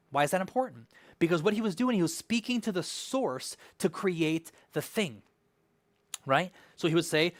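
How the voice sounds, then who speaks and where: A man's voice: high-pitched, lively intonation, moderate pace, dry recording. A man preaching a sermon as pastor, emphatic, with rhetorical questions and repeated phrases.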